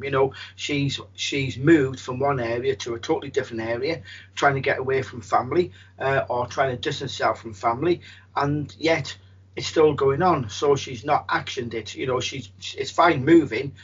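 A medium with a husky voice, telling a story in a rambling way, with many restarts. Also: male voice, medium pitch, muffled recording. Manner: rambling, frequent restarts and fillers. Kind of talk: storytelling in an interview.

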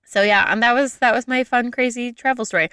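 Bright, chatty young woman storyteller. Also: on the high side, fairly quick, smooth, no room sound, studio quality. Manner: lively, chatty, frequent "like" fillers. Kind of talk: casual chat, telling a travel story.

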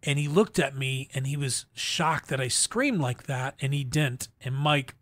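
A middle-aged man telling his personal testimony as an interview guest, in an earnest, halting way with frequent restarts. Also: medium pitch, a bit bright, no room sound. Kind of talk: emotional personal story in a faith interview.

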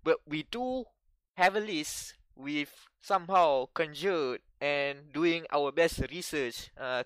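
A man's voice: a little high, no room sound. A man from Malaysia co-hosting a gaming podcast in casual chat, rambling and hesitant with frequent laughs. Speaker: podcast co-host.

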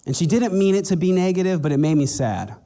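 Conversational pastor in an echoing hall. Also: male voice, sits high, lively intonation, fast, mellow. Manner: conversational preaching, acts out dialogue in a raised voice. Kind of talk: sermon.

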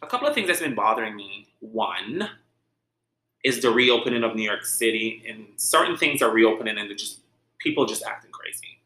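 A man from Saint Vincent, with a light Vincentian accent, chats through a casual solo podcast. His voice is bright and lively, and he tells stories with expressive energy. The sound has a roomy echo. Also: lowish voice, fairly quick. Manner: animated storytelling, frequent laughter and swearing. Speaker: podcast host.

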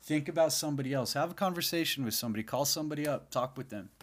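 A man's voice: a little high, rapid-fire. A man hosting his own podcast in a casual, rambling monologue, sleepy and yawning, swearing freely now and then. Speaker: podcast host.

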